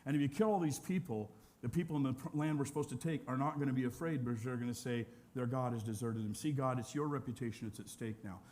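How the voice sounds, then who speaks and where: A man's voice: mid-range voice, quick pace, hardly any pauses, darkish tone, voice pushed down, natural voice. A man voicing a prophet who pleads and reasons with God in an earnest, persuasive way. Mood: pleading.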